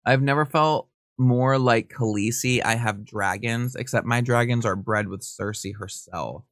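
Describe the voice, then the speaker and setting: A man's voice: medium pitch, dry recording, clean studio sound. Chatty man reading gossip texts. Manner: animated, gossipy, reads texts aloud with quick asides and laughs. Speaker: podcast host. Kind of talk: casual reaction commentary.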